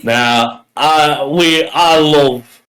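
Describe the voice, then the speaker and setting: A man's voice: a little high, extremely slow, fairly bright tone, low-quality recording. A man co-hosting a casual podcast, joking and laughing often as he talks. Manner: jokey, laughs often between lines. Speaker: podcast co-host.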